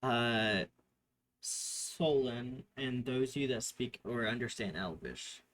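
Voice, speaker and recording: A man's voice: medium pitch, takes it slowly, a bit bright, a little hiss or hum. A man narrating a tabletop game as game master, describing scenes off the cuff and often correcting himself mid-sentence. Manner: improvised description with fillers and self-corrections.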